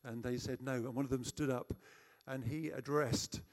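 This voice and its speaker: A man's voice: medium pitch, fairly even intonation, normal speed. A middle-aged man preaching a sermon, telling a personal story in a chatty, self-deprecating way.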